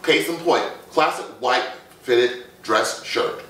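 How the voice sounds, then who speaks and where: A man's voice: medium pitch, takes it slowly, sharp tone. A man working as a fashion consultant, coaching with confidence in lists and short punchy phrases. He sits away from the microphone. The room is very echoey. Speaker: fashion image consultant guest. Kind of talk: casual talk show advice. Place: Las Vegas. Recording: echoey room, far from the mic.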